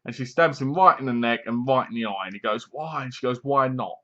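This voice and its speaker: A man's voice: medium pitch, animated, quick pace, a bit bright. A man giving a casual, rambling film review from home, retelling scenes with acted-out lines and bursts of laughter. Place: home room, seated in a squeaky chair. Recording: dull lo-fi home recording.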